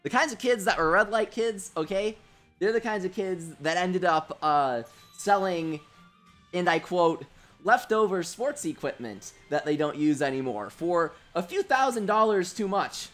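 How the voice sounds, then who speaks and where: A young man hosting a casual gaming livestream. He tells childhood stories in an animated way, says "dude" a lot and laughs at his own jokes. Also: high-pitched, a little slow, soft background music. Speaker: livestream host.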